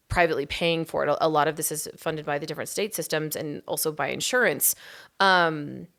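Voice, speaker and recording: Low-voiced woman co-hosting a chat. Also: a bit bright. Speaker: podcast co-host. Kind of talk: casual discussion.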